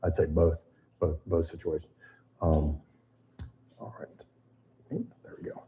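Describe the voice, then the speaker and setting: A man's voice: very deep voice, level tone, slow, warm tone. An older American man giving a seminar talk to an audience, explaining things conversationally with frequent fillers. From United States. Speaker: seminar presenter. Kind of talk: boating safety seminar talk.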